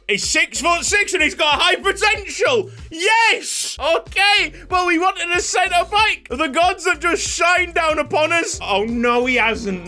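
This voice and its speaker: A man hosting a video game series, commentating in an excitable, jokey way with frequent shouts and laughs. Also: very high voice, unhurried, soft background music. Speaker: YouTube gaming host.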